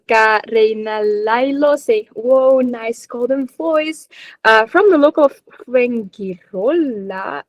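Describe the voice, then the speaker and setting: Chatty woman radio host, higher voice. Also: no echo, rough recording. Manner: chatty, laughs often, sprinkles polite Filipino particles. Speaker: radio co-host teaching phrases. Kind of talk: live radio chat, reading comments and a language lesson.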